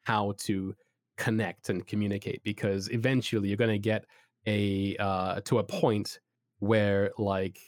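A man chats casually as a podcast co-host, his talk full of "like" and "you know" as he eagerly hands out advice. His voice sits a little low. The sound is dry, with no room around it. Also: level tone, unhurried, no echo. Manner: rambling, heavy use of "like" and "you know"; enthusiastic, advice-giving. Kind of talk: casual chat.

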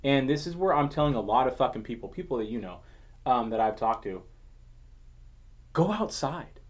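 A man's voice: mid-range voice, animated, normal speed. A man in a casual podcast conversation, talking in a heated, profane way with lots of stammered restarts.

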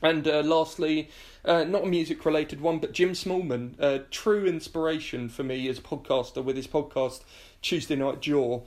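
A man's voice: on the high side, fairly even intonation, moderate pace, a little mellow. A man hosting a podcast, thanking guests and listeners in a casual, rambling way with many fillers. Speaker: podcast host. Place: home sofa, in person with guest.

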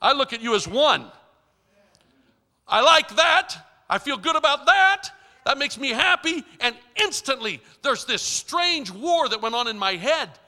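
Emphatic male preacher with a high, piercing bright voice, in a hall with long reverb. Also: animated, unhurried. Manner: emphatic, dramatic shifts in loudness. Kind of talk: storytelling sermon.

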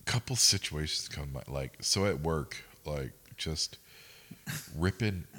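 A man's voice: extremely low pitch, measured pace, sharp tone. A young man co-hosting a podcast, telling rambling, profane stories in casual chat. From United States. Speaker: podcast co-host.

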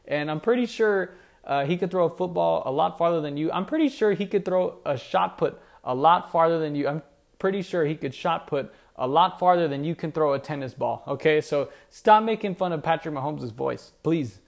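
A man's voice: a little high, fairly quick, creaky. A man hosting a solo sports podcast, rambling and mock-indignant, with lots of fillers and restarts. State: out of breath. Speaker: podcast host.

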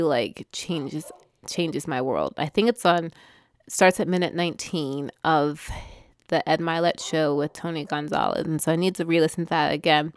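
A woman speaks in a heartfelt, wandering way, circling back on her words as she shares. Her voice is smooth and clear. The sound is dry and close, with no room echo. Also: sits low. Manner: heartfelt, rambling, with self-corrections and soft laughs. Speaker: vlogger. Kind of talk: emotional personal sharing.

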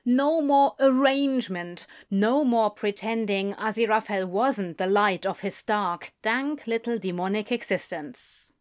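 A woman narrating a fan fiction story in an unhurried, expressive storytelling manner. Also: mid-range voice. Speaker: reader.

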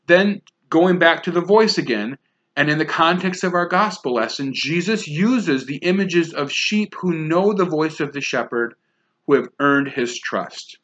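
A man preaching a sermon with an emphatic delivery, leaning hard on key words and repeating them for stress. His voice sits a touch high, and the recording sounds dull and lo-fi. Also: expressive, measured pace, a bit bright. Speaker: pastor.

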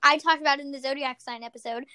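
A woman's voice: high-pitched, fairly even intonation, rapid-fire, heavy background noise. A young woman co-hosting a podcast in casual chat, playful and jokey. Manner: playful, jokey, breaks into silly singing and mock readings. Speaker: podcast co-host.

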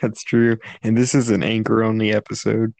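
A man hosts a loose podcast conversation with a gravelly voice. He is opinionated and teasing, and he trades dry jabs with his co-host. The sound is dry and close, with no room around it. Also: on the low side, level tone, normal speed, darkish tone, no room sound. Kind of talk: casual podcast chat.

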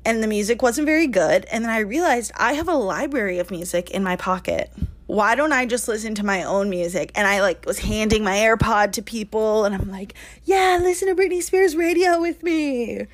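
A podcast co-host in her twenties tells a lively story on a casual show, laughing often and saying "like" a lot. She has a medium-pitched voice and talks fairly quickly.

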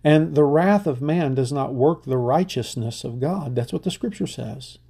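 A middle-aged man preaches a sermon as a pastor, earnest and insistent, often stumbling into restarts. His voice is gravelly and has a fry to it. The tone is dark and mellow. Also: mid-range voice, measured pace.

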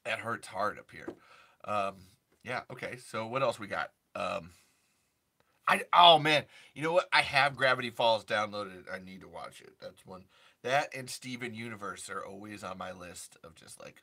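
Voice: mid-range voice, expressive, normal speed, creaky, bright, forceful tone. A young adult streamer chatting casually and rambling through restarts, answering chat and jumping into impressions. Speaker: livestream host.

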